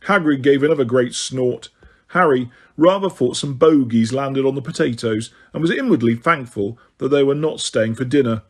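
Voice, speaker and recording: A man narrating a novel aloud in a steady, even storytelling voice. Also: mid-range voice, normal speed. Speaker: audiobook reader. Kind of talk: audiobook narration.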